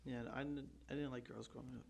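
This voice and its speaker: A man's voice: mid-range voice, steady tone, fast, vocal fry, darkish tone, slightly rough. A young man co-hosting a casual podcast chat, joking, swearing freely and laughing often. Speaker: podcast co-host.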